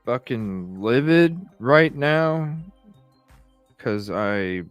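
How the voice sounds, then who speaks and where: A man's voice: medium pitch, animated, very slow, clean tone, no echo, faint music behind. A man hosting a podcast, reading text messages aloud and reacting with profane, incredulous commentary. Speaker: podcast host.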